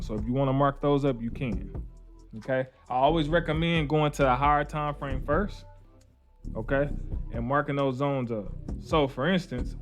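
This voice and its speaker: A man, teaching trading in a casual screen-share tutorial with informal, repetitive talk and slangy asides. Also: mid-range voice. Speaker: trading educator.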